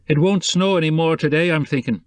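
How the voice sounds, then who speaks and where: A man's voice: on the high side, brisk, clean tone, no echo, voice pushed up, lightly acted. A man voicing a cheerful, chatty male houseman with a folksy way of talking.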